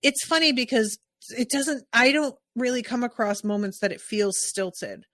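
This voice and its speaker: A woman from the United States hosting a casual podcast chat, talking in an animated, expressive way with quick asides. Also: fairly high pitch, dry recording, clean studio sound. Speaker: podcast host.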